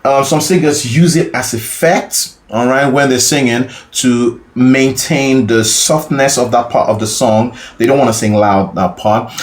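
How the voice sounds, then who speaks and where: A man's voice: medium pitch, echoey room. A man teaching a singing lesson as a vocal coach, explaining casually and often checking in with the listener. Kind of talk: singing lesson with sung demonstrations.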